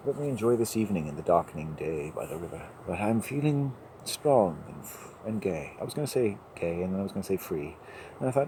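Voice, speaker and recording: Low-voiced man rambling outdoors. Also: animated, brisk. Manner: rambling, jokey, often laughing. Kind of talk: rambling monologue while walking. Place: outdoors by a river at dusk. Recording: noisy outdoor ambience.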